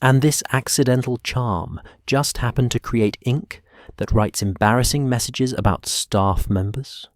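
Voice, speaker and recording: A man's voice: mid-range voice, unhurried, dry recording, studio quality, voice pushed up, natural voice. A man voicing a stern older female Scottish professor with a clipped, cold, commanding manner and a Scottish accent.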